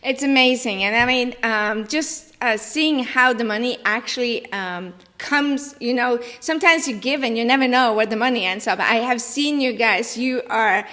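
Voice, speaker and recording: Woman host, halting non-native English. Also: fairly high pitch, pushed and bright, big-room sound. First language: Norwegian. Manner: hesitant, many fillers, laughs often. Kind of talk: casual interview.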